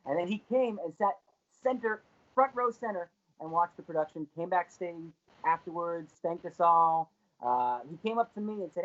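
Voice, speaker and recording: A man guest on a podcast, telling an anecdote in a lively way and laughing along as he goes. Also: high-pitched, moderate pace, lo-fi sound. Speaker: guest, actor.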